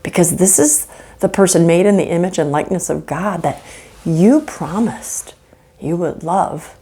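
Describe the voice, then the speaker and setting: A woman teaching about marriage from a faith angle, earnest and animated, often acting out example conversations. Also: on the low side, a little slow. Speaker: marriage counselor. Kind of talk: faith-based relationship teaching.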